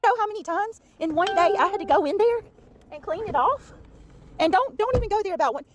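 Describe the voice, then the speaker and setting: A woman's voice: very high-pitched, lively intonation, fairly quick, music in the background. A woman livestreamer firing back defensively, indignant and swearing. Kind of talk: heated livestream reply.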